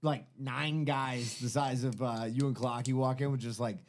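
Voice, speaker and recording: A man's voice: mid-range voice, fairly even intonation, moderate pace. Rambling, cursing podcast co-host man. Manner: rambling, profane anecdotes. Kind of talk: casual chat.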